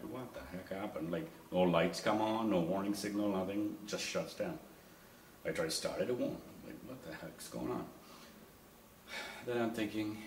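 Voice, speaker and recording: Low-voiced guy doing stand-up, rambly and full of ums, sounds far off in an echoey room. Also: slight background noise. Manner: rambling with many fillers, mimics wife and officer. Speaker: stand-up comedian. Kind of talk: stand-up storytelling.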